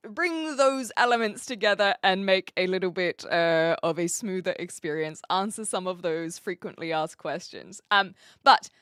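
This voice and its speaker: A woman's voice: on the low side, animated, moderate pace, few pauses, fairly bright tone, smooth, dry recording, studio quality. A woman from New Zealand with a mixed New Zealand, Australian and American accent, chatting casually and giggly as a live streamer with lots of fillers. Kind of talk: casual chat.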